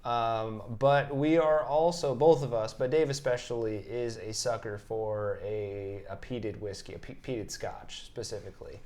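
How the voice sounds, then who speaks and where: A man's voice: mid-range voice, fairly even intonation, measured pace, few pauses, a little mellow. A man co-hosting a casual chat show, easygoing and rambling, often restarting his sentences. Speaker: podcast co-host.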